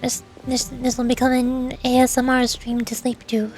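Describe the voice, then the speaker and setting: High-voiced playful woman streamer. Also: monotone, normal speed, a little mellow, soft background music. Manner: playful, sound effects and meows while playing. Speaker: vtuber streamer. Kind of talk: gameplay commentary.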